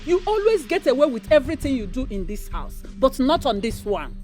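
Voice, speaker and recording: An actress playing an indignant middle-aged mother in a Nigerian film, shouting and exclaiming as she confronts a rival; Nigerian accent. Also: sits high, fairly quick, faint music behind. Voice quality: loud, exclaiming, lively. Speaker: mother and wife. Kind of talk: Nollywood film acting.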